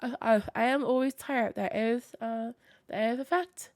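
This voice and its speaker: A woman's voice: a little high, moderate pace, darkish tone. A young woman streamer with a scratchy, tired voice, chatting casually with viewers, rambling with many fillers and frequent laughs. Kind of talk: casual livestream chat with viewers.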